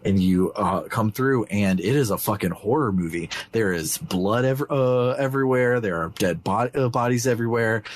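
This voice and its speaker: A man co-hosting a casual podcast, retelling a video game with frequent "uh" restarts and bursts of excitement. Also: lowish voice. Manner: halting, frequent uh restarts, excitable when recounting scenes. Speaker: podcast co-host.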